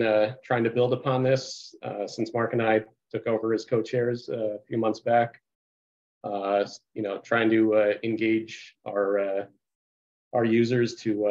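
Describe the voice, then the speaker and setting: Lower-voiced guy on a video call, lots of uhs, kinda muffled audio. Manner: halting, heavy with uh and restarts, sometimes mutters aside. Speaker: committee co-chair. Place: home office on a video call. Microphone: computer mic on a video call.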